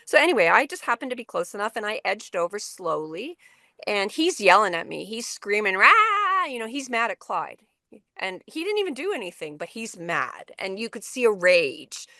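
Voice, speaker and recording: Very animated, bright, and forceful, this middle-aged woman speaks in a mid-range voice at a moderate pace. Leading a video-call workshop for educators, she tells a story in a conversational style full of fillers and restarts. The recording is dry with clean studio sound.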